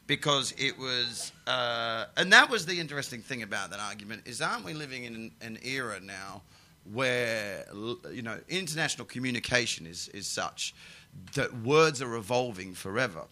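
A man and comedian talking casually, animated, with stammering restarts. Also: medium pitch, normal speed. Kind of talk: casual conversation.

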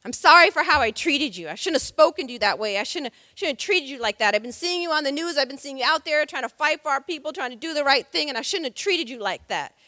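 A woman's voice: sits high, lively intonation, quick pace, few pauses, pushed and bright, no echo, studio quality, big-room sound. A woman voicing a desperate young man with a felony record, insistent and repeating himself. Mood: apologetic.

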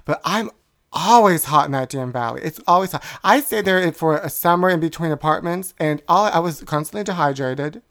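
Low-voiced chatty woman co-host. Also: lively intonation, normal speed, a bit bright. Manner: chatty, storytelling, dramatic. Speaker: podcast co-host. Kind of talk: casual chat.

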